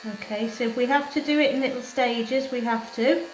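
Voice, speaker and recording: A woman, a cat groomer, soothing the cat in gentle cooing words and explaining her work as she goes. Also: on the high side, steady tone, moderate pace, slight background noise. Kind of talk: talking through a grooming session. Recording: roomy echoey grooming room.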